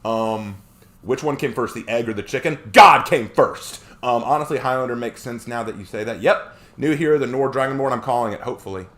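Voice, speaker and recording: A man's voice: mid-range voice, fast. A man live streaming who chats casually with viewers, reads their comments aloud and jokes around. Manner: animated, joking.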